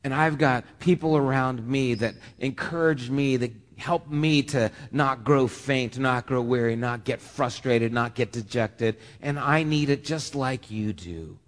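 This pastor's sermon comes in a medium-pitched, unhurried voice with barely any pauses. He is earnest and heartfelt, stammering and repeating words often. It's recorded in a church sanctuary with long hall reverb.

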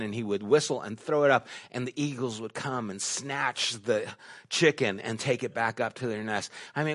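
A middle-aged man, a pastor, preaching a sermon and telling stories, dropping to hushed asides and rising to emphatic questions. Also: mid-range voice. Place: church sanctuary.

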